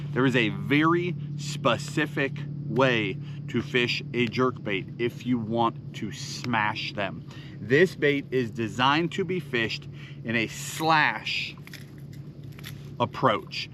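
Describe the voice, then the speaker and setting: A man leads a fishing seminar in an animated, swooping voice, counting out rhythms and punching in sound words. His delivery is emphatic and instructional. A faint hiss of background noise sits under the recording. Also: medium pitch.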